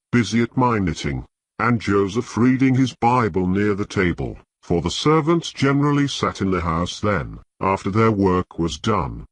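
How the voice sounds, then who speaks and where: A man reads a classic novel aloud in scripted audiobook narration. His voice sits a little low, and the sound is dry with almost no room around it. He keeps an even, measured delivery throughout. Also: no room sound.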